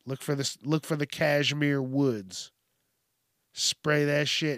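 A man's voice: a little high, fairly even intonation, slow pace, fairly bright tone, no room sound, studio quality. A man hosting a podcast alone, ranting in a profane, casual way and briefly mimicking people. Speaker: podcast host. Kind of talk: casual solo rant.

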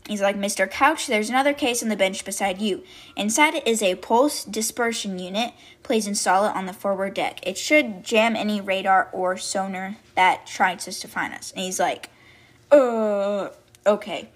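A woman hosting a podcast who recaps a book in a loose, conversational way. She pads her sentences with fillers like "like" and "I guess." Every so often she jumps into a sudden high-pitched exclamation. Her voice sits at a medium pitch. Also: moderate pace, hardly any pauses, a bit bright. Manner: chatty, full of "like" and "I guess" fillers. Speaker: podcast host. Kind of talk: casual book recap and commentary.

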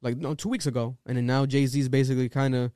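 A man co-hosting a casual podcast chat, animated and profane, who often slips into rapping and mimicking people. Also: mid-range voice, quick pace, smooth, dry recording, studio quality.

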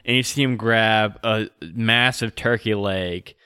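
A man's voice: fairly low pitch, fairly even intonation, unhurried, sharp tone, smooth, dry recording, studio quality. A young man narrating as game master of a tabletop game, casual and full of filler words.

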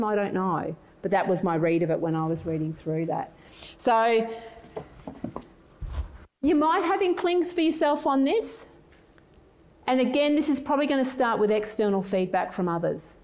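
A middle-aged woman speaking to a conference audience at a middle pitch. She talks in a loose, chatty way and drops into personal stories, restarting sentences and using filler words as she goes. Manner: lively storytelling, acts out quoted voices. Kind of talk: conference talk with personal anecdotes.

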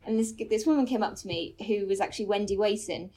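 A woman comedian, a guest on a podcast, chatting casually and telling an animated story with lots of fillers and the odd swear word. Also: medium pitch, quick pace.

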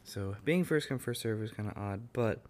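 Male co-host, low-pitched, relaxed and slangy with dry humor. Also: moderate pace. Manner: laid-back, slangy, dry asides. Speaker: podcast co-host. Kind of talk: casual chat.

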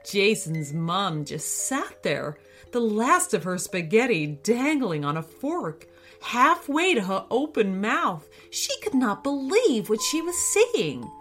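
A woman reading a children's bedtime-style story aloud, expressive and unhurried. Her pitch sits a little high and rises and falls a lot. Faint music plays beneath her. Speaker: narrator.

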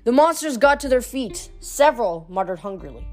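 A woman reading a fantasy novel aloud, narrating with steady, lightly dramatic delivery. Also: fairly high pitch, normal speed, soft background music. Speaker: audiobook reader. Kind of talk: storybook reading.

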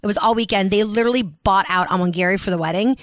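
A woman's voice: medium pitch, dry recording. Chatty woman telling stories from Boston. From Boston area. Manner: fast storytelling, many "like" fillers, acts out quotes. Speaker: podcast guest. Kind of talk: casual chat.

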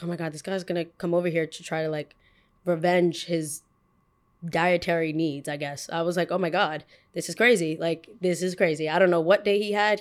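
A woman in her twenties, a podcast host telling a story in a casual, animated way, full of "like" and "I was like.". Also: fairly low pitch. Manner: animated, fills speech with "like" and "I was like".

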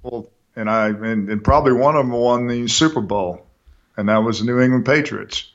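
A man's voice: medium pitch, moderate pace. A man co-hosting a casual sports talk show, easygoing and thinking aloud as he talks. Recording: dull lo-fi sound.

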